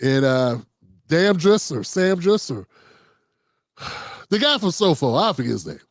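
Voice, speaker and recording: A man's voice: fairly high pitch, big pitch swings, unhurried, no echo. A man hosting unscripted political commentary, talking casually and riffing, slipping into quoted voices.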